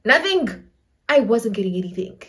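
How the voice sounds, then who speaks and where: Animated Namibian woman telling a story. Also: on the high side, moderate pace. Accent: Namibian English. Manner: animated, dramatic, laughs often, acts out quotes. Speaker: storytelling vlogger. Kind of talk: casual storytime chat.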